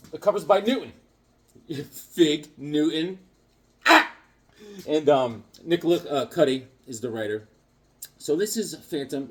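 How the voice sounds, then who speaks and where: A man talking casually about the comic books he has collected, jokey and theatrical, breaking into little bits and voices. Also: mid-range voice. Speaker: comic book collector and video host. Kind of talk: casual vlog chat.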